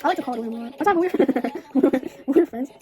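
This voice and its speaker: A young woman vlogger telling a rambling, excited storytime full of fillers while she gets ready. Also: sits high, moderate pace, heavy background noise. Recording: music playing in the background.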